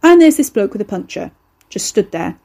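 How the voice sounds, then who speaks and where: A woman's voice: mid-range voice, very animated, moderate pace, creaky, dark tone. Woman voicing cocky monster in human shape. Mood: offhand. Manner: casual, slangy, chatty, unbothered. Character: cocky young male eldritch horror in human shape.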